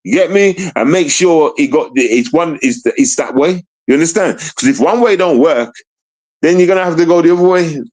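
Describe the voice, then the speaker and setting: A man's voice: on the high side, a little fast, darkish tone, rough recording. A man ranting on a livestream, repeating himself, swearing and asking over and over whether listeners understand. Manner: repetitive, emphatic, keeps asking "you understand?"; profane and heated. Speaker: streamer. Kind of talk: livestream rant.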